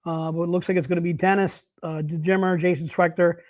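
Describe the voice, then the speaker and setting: A man's voice: a little high, level tone, fairly quick, darkish tone. A man hosting a live sales stream, chatting casually and upbeat, calling everyone "dude.". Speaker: livestream sales host.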